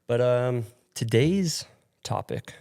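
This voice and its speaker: A man's voice: medium pitch, expressive, slow, creaky, dark tone. A young man from upstate New York, co-hosting a podcast in a rented studio. He sounds nasal and congested from allergies and rambles loosely, with lots of fillers and laughs. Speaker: podcast co-host. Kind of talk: casual chat.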